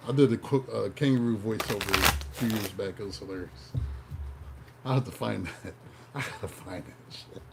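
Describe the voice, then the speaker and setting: A man's voice: fairly low pitch, normal speed, vocal fry, over loud music. A man doing a tarot reading who drifts into a profane, joking rant in a loose, digressive storytelling way. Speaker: tarot reader. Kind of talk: casual comic rant then tarot reading.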